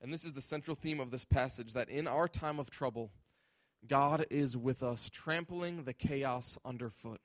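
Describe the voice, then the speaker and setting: A man's voice: medium pitch, moderate pace, no echo. A male pastor preaching a sermon with emphasis, often acting out imagined voices.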